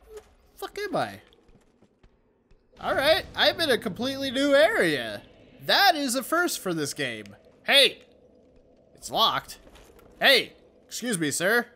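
A young man giving profane, jokey commentary while playing a game, with loud reactive outbursts. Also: extremely high pitch, wildly swooping pitch, measured pace, pauses often. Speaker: let's play gamer. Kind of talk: gameplay commentary.

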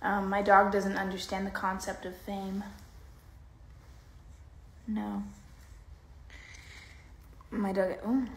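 A woman's voice: mid-range voice, monotone, slow pace, long pauses. A woman chatting casually on a phone livestream, rambling and playful. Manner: rambling and playful, baby talk to her dog. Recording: echoey room with faint noise.

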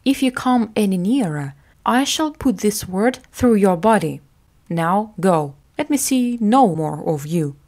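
A woman's voice: medium pitch, lively intonation, measured pace, darkish tone. A woman voicing a kind, brave soldier who looks after a boy, talking in an easygoing, plain way. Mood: threatening.

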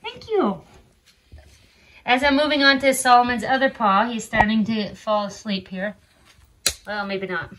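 A woman host talking casually to viewers while trimming her dogs' nails, coaxing them with soft praise. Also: fairly high pitch, fairly even intonation, moderate pace, background noise. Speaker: alpaca farmer and channel host. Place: indoors with the dogs on a farm.

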